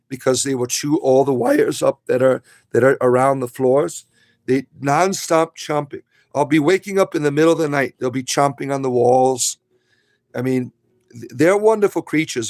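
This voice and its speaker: A man's voice: medium pitch, darkish tone. A man hosting a casual livestream, rambling bluntly and jokingly, then cooing at his pet rabbits. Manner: rambling, blunt and jokey, coos at his pets. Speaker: spiritual comedy streamer.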